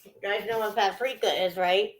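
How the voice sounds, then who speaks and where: A woman's voice: mid-range voice, fairly even intonation, normal speed, low-quality recording. A woman chatting casually with viewers while cooking, greeting them by name as she goes. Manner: chatty, greets viewers mid-sentence, trails off. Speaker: vlogger cooking on a livestream.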